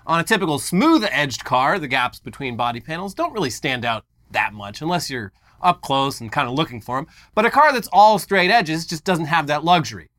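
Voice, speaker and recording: A man's voice: on the high side, animated, a little fast, hardly any pauses, fairly bright tone. A man co-hosting a tech news show, explaining stories with sarcastic quips. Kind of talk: casual tech news banter.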